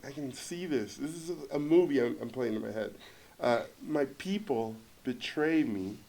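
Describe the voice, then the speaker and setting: A man telling a comic anecdote at a student Q&A. His voice sits a little high and carries a gravelly rasp. He is animated, laughs along as he goes, and performs each quoted line. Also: slight background noise. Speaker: guest filmmaker at a student Q&A.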